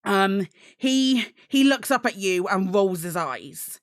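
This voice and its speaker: A woman narrating as game master of a tabletop game, describing scenes with many pauses and restarts. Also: mid-range voice, expressive, no room sound, studio quality. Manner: hesitant, many ums and restarts.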